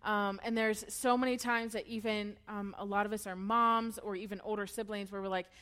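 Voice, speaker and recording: A woman's voice: medium pitch, fairly even intonation, a little fast, a bit bright, clean tone. A woman in her thirties shares a personal testimony with a church group. She talks candidly and emotionally and laughs often between her sentences. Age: 30s. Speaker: church speaker.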